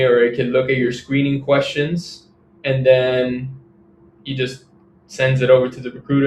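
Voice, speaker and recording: A young man co-hosting a casual podcast discussion, talking in a relaxed, hedging way. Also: medium pitch. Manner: relaxed, hedging, says "if I'm being honest". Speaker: podcast co-host. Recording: echoey room, faint background hiss.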